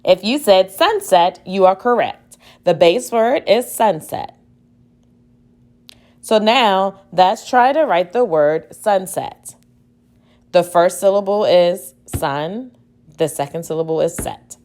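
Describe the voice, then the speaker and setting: A woman's voice: mid-range voice, animated, slow pace, a little mellow. A woman teacher giving a spelling dictation, sounding out syllables and spelling words letter by letter. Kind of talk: slow spelling dictation lesson.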